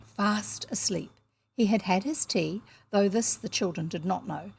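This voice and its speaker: A woman's voice: mid-range voice, a little slow, vocal fry, breathy edge. A woman from New Zealand with a New Zealand accent, reading a children's novel aloud with chatty asides. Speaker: audiobook reader.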